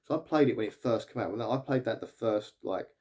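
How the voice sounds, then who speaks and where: A man's voice: lowish voice, brisk, darkish tone. A young man casually recapping a TV episode, rambling with lots of "like" and "sort of". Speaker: TV reviewer.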